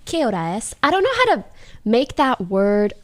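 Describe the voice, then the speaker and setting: A woman's voice: on the high side, wildly swooping pitch, normal speed. A woman streamer chatting casually and playfully, laughing often and repeating practice phrases aloud. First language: English.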